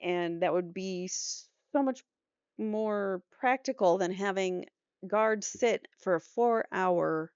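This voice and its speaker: A woman's voice: medium pitch, slow, a little mellow, smooth, no echo. A woman hosting a true crime show, reading court transcripts aloud and breaking off for skeptical asides. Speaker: true crime podcast host. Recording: dull lo-fi dry recording.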